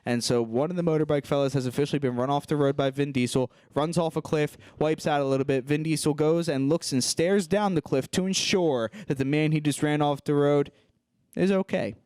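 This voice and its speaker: A man's voice: fairly high pitch, fairly even intonation, a little fast, darkish tone, smooth, no room sound, clean studio sound. A young man co-hosting a podcast, casually recapping a movie with jokes and mocking quotes of the characters. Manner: joking, acts out movie characters in mocking voices. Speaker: podcast co-host.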